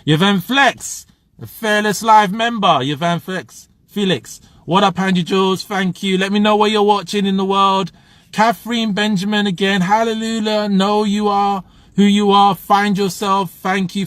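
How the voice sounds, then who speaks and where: A man hosts a motivational livestream, speaking with passion and conviction. His voice sits high, and the sound is close and dry, with no room around it. He moves between preaching and reading viewers' comments aloud. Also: fairly even intonation, measured pace, a bit bright, no room sound. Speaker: motivational live streamer.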